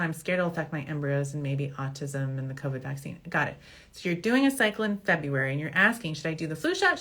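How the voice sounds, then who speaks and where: Lively, joking woman fertility doctor. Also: lowish voice. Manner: animated, jokey, laughs at her own slips. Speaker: fertility doctor answering viewer questions. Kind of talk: casual Q&A show.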